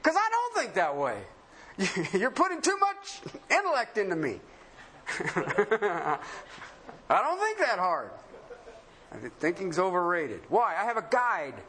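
A man preaching a sermon, asking rhetorical questions and swinging between emphatic highs and low murmurs, laughing often. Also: huge pitch swings, measured pace, pauses often, pushed and bright, slight background noise.

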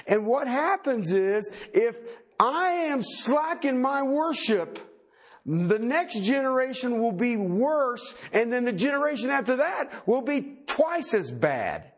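A middle-aged man preaching a sermon in a folksy, animated way, with joking asides. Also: very high-pitched, slow pace, breathy edge. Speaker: pastor.

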